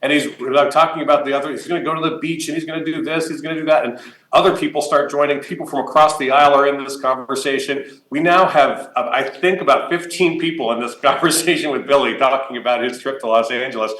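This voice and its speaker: A man at a conference podium spins a long personal anecdote, chatty and animated, with frequent fillers. His voice is bright and forward. The sound carries the roomy echo of a large hall. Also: mid-range voice, fast talker. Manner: lively anecdotal storytelling with frequent fillers and laughs. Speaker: conference keynote speaker. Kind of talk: storytelling keynote talk.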